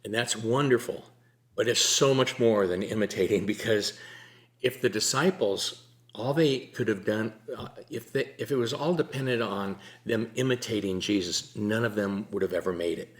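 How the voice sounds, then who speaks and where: An older man sharing a personal faith story in a relaxed, earnest conversation, sometimes laughing as he tells it. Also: lowish voice, normal speed. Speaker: guest sharing testimony. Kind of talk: conversational testimony.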